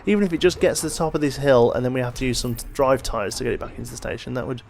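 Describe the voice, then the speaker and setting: A tired man hosts a let's play, thinking aloud in a relaxed, chatty way as he plays, yawns slipping into his speech. His mid-range voice races along, gravelly, with a little hiss or hum in the background.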